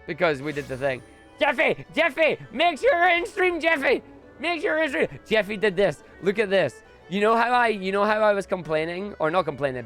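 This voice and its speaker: A young man chatting casually on a live stream, excitable and prone to loud bursts of enthusiasm. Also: fairly high pitch, clean tone.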